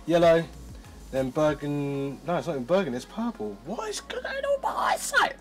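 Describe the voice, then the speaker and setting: A man reviewing tech in a casual demo, chatty and excitable, thinking aloud as he goes. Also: on the high side, fairly quick, soft background music.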